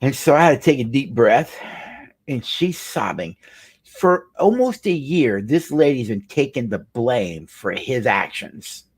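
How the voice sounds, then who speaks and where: A man's voice: mid-range voice, big pitch swings, measured pace, husky. A middle-aged male marriage counselor telling a client story in an earnest, emphatic way, often repeating phrases for weight. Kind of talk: storytelling talk.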